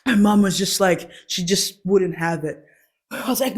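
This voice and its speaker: A woman's voice: medium pitch, moderate pace. Brief: young woman, stand-up comic, chatty storytelling broken by frequent laughter. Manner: laughs often mid-sentence, animated acted quotes. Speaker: stand-up comedian.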